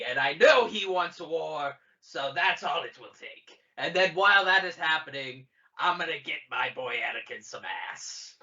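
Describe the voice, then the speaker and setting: A man's voice: on the high side, sharp tone, highs cut off, full character voice. A man voicing a scheming male villain lord who boasts of his plans, in a gloating monologue.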